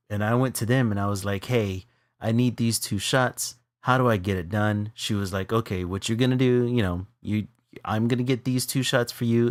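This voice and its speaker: A man telling a funny personal story in casual chat, laughing often and jumping up in pitch when excited. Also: no echo, studio quality. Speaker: co-host of an art stream.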